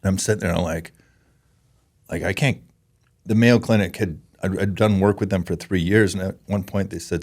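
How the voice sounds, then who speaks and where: Low-voiced emotional Canadian-raised man. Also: fairly even intonation, darkish tone. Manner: earnest and emotional, halting with restarts. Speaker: podcast guest, former pro hockey player. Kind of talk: candid interview talk.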